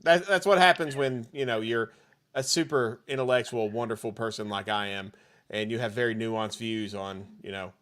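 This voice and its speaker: A man co-hosting a sports podcast in casual chat, sarcastic and quick to swear, laughing often. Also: medium pitch, fairly bright tone. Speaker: podcast co-host.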